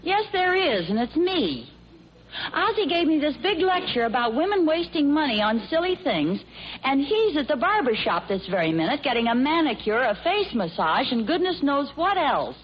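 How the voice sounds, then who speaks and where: An actress playing a cheerful, friendly housewife in 1950s radio sitcom style. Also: female voice, sits high, sing-song, normal speed. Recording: muffled old radio broadcast with faint hiss.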